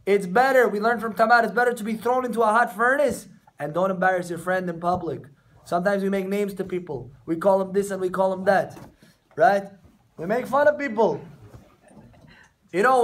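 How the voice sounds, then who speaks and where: High-voiced rabbi teaching students. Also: male voice, fairly bright tone. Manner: conversational, addresses students directly, acts out quotes. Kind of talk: informal Torah class. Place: room with a small group of students. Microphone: camera recording the class.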